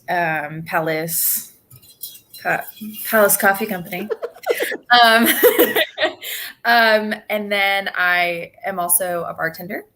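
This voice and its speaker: Young female actor, bright tone, relaxed rambling chat with laughs. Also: medium pitch. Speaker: musical cast member. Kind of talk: casual interview chat.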